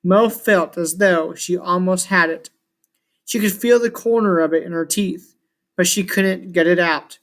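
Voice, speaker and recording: A man's voice: sits high, a little slow. A man reading a novel aloud chapter by chapter as a channel host. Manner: plain, steady reading. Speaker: audiobook reader.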